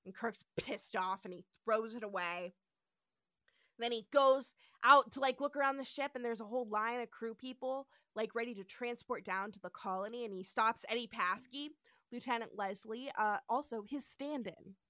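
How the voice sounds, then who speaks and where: Bright, animated woman podcast host. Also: on the high side, normal speed, dry recording, studio quality. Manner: animated storytelling with frequent voices and laughter. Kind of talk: casual episode recap.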